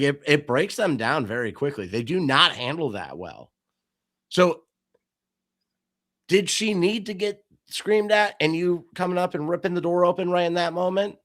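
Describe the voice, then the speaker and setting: A man hosting a casual podcast discussion, telling stories animatedly and acting out quoted lines. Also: on the high side. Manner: animated storytelling, acts out quotes. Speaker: podcast host.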